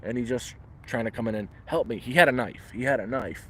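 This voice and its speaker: A man's voice: mid-range voice, fairly quick, hardly any pauses, a bit bright. Man rambling through a story outdoors. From Canada. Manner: rambling, restarts often, acts out voices in quotes. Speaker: livestreamer. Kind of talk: casual live storytelling. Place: outdoors in the woods.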